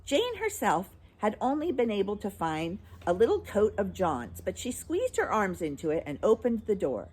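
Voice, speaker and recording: A woman reading a children's book aloud, in an expressive storytelling way. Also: medium pitch, moderate pace, hardly any pauses, husky. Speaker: storybook reader.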